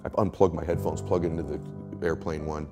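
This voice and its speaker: A middle-aged man with a very deep voice tells motivational stories with emphatic force. He acts out the people he quotes as he goes. Faint music sits behind him. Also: flat delivery, fast talker. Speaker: interview guest, coach. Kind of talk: motivational interview talk.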